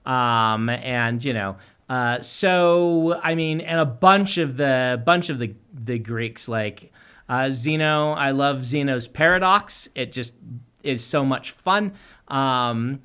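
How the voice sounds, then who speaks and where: Rambling bright-voiced male author. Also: mid-range voice, takes it slowly, smooth. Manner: rambling, self-interrupting. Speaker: host author. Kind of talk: casual livestream chat.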